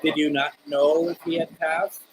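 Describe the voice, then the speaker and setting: Man, live spirit box host, slightly high voice, faint background hiss, reads viewer comments. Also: flat delivery, normal speed. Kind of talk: live-stream chat with viewers.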